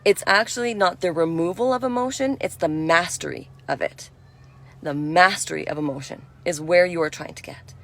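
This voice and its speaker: Gentle, reassuring woman giving spiritual talk. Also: fairly low pitch, moderate pace, gravelly. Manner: conversational, with frequent "you know". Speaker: spiritual speaker.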